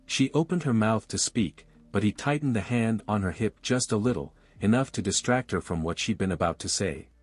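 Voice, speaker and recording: Brief: man, low voice, dry close mic, steady audiobook narration. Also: moderate pace, hardly any pauses, dry recording, faint music behind. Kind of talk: audiobook narration of a romance novel.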